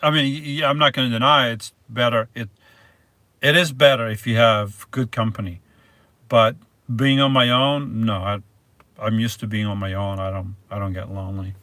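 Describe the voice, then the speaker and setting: A man's voice: medium pitch, steady tone, normal speed, sharp tone, no room sound. A man hosting a casual live stream, reading viewer messages aloud and answering them in a rambling, hesitant way. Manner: rambling and hesitant, restarts words, reads viewer names aloud.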